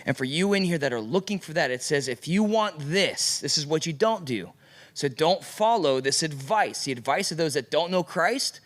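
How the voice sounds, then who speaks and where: Male youth pastor with a higher-than-average voice, preaching in a church youth room and acting out lively mini-skits for teens. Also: moderate pace. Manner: animated, acts out voices in little skits. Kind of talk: youth sermon.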